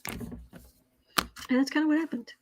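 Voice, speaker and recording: A woman chats through her daily tarot livestream from home in a relaxed, meandering way, circling back and restarting her sentences. Her voice sits a touch high for a woman. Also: moderate pace, noisy background. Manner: rambling, with frequent restarts and fillers. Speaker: tarot reader and livestream host. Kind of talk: casual livestream chat.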